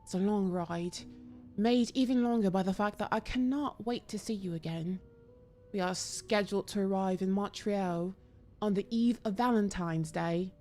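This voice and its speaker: A woman voicing a prim woman writing a secret love letter, in a put-on posh British accent with a slow, mock-formal delivery. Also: mid-range voice, a little mellow, lightly acted. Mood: secretive.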